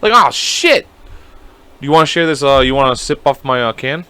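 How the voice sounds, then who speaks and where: A man's voice: mid-range voice, fairly even intonation, quick pace, fairly bright tone, clean tone. A young man co-hosting a podcast in casual chat. He swears freely and acts out other people's voices as he tells his story. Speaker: podcast co-host.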